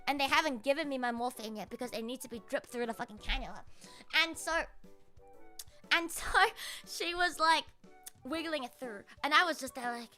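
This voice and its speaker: A woman livestreamer telling a story in casual chat, animated, swearing a lot and laughing along. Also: high voice, moderate pace, soft background music.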